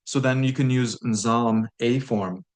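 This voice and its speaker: A man with a mid-range voice is teaching a language on a recording. He talks through grammar comfortably and says each word slowly, sometimes twice, so learners can catch it.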